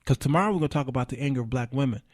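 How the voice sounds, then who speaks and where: A man's voice: medium pitch, racing, darkish tone, no room sound, studio quality. A middle-aged man hosting a livestreamed talk show, delivering a passionate monologue with preacher-like swells of emphasis. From Chicago area, US.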